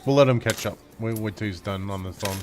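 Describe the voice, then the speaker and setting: A man's voice: lowish voice, background noise. A man co-hosting a casual livestream chat on a desk mic, upbeat and teasing. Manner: upbeat, teasing, quick to exclaim. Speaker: co-host.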